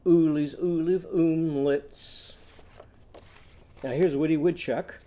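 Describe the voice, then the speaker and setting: Slow, mellow sing-song teacher. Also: medium pitch, fairly even intonation. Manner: slow, sing-song chanting with drawn-out vowels. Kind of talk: literacy lesson for young children, call-and-response chanting.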